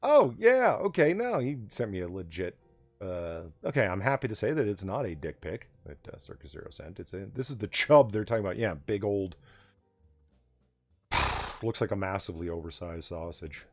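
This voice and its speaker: A man's voice: on the low side, big pitch swings, moderate pace, no room sound, soft background music. A man hosting a late-night livestream chat, loose and rambling, laughing often as he tells stories and reads chat. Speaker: livestream host.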